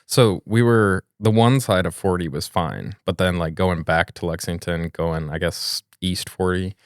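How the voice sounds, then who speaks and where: Deep-voiced guy from new york ranting casually, swears a lot, dry sound. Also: a little slow, no room sound. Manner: ranting, blunt, swears freely. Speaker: podcast co-host. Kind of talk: casual chat.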